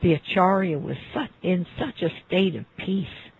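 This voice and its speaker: A man narrating a life story in an unhurried, reflective way, turning now and then to address the listener directly. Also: high-pitched, slight background noise. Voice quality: very husky and gravelly. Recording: phone-like lo-fi recording.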